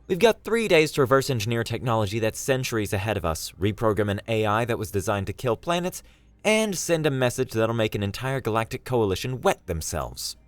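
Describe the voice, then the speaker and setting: A man voicing a brisk, commanding woman military leader in a sci-fi story narration. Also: on the low side, sing-song, dry recording, pitched above the performer's own voice. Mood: rallying.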